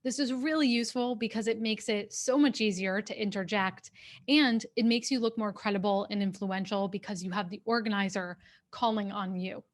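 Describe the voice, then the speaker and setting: A woman executive coach speaks into her webcam during an online workshop. Her voice sits at a middle pitch, and her delivery is clear, steady and instructive. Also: moderate pace. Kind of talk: workshop talk. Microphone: webcam on a video call.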